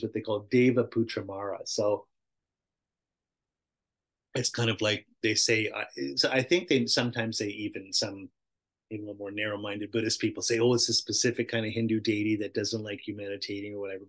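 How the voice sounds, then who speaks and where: A man's voice: medium pitch, a bit bright. A middle-aged man teaching a casual meditation class, chatty and self-interrupting, often laughing and acting out little voices. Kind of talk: casual dharma talk.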